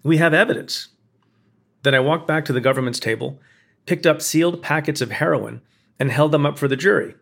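A man, a former prosecutor, reading a scripted opinion essay in a measured, pointed way with building emphasis. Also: a little high, vocal fry. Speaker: former prosecutor narrating commentary.

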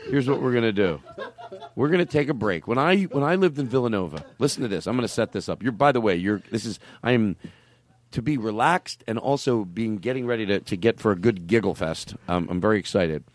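Fast-talking rambling comedian host. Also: male voice, lowish voice, expressive. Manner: rambling storyteller, trails off and restarts. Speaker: podcast host. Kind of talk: casual comedic chat.

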